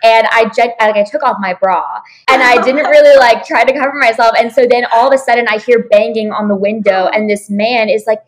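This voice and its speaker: Young woman, college student, casual chat, chatty with lots of likes, slightly high voice. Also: fairly even intonation, brisk, poor audio. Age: young adult.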